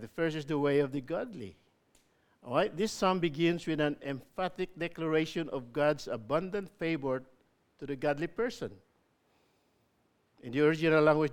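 A man preaching a sermon, explaining scripture with emphatic repetition. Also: on the high side. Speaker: pastor.

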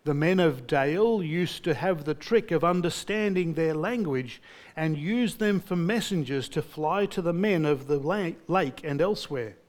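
A proud, gruff dwarf leader from a storybook reading, as a preacher gives him voice. He speaks with earnest warmth, pitched a little higher than the reader's own voice and somewhat louder. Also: expressive, unhurried. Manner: earnest, read aloud from a book.

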